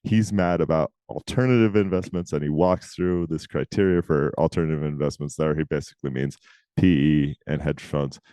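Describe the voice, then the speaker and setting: A man co-hosting a podcast in casual chat, talking emphatically with quick asides. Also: a bass voice, steady tone, dark tone, dry recording. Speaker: podcast co-host.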